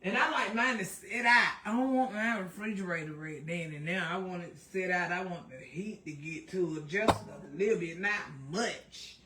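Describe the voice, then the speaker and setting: A woman's voice: fairly low pitch, moderate pace, few pauses, sharp tone, slight background noise. Chatty Southern woman cooking live. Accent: Southern American. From American South. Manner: folksy, talkative, calls viewers baby and child. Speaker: cooking livestream host. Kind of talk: casual cooking chat to live viewers.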